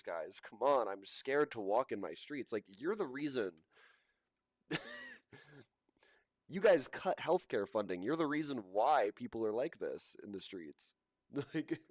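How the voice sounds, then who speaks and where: Man, livestream host, indignant, repetitive, scornful laughs, low voice, dry close sound. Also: no echo. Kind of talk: live reaction commentary.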